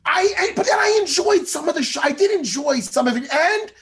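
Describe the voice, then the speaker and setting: A man co-hosting a casual chat show, ranting excitably and swearing a lot. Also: very high voice, fairly quick. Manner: animated profane ranting, excitable. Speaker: podcast co-host.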